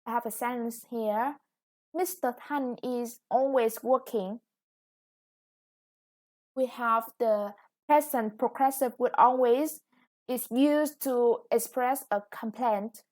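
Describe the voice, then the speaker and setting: A woman's voice: fairly high pitch, takes it slowly, darkish tone. A woman English teacher with a Vietnamese accent, explaining a lesson patiently. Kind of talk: recorded classroom lesson.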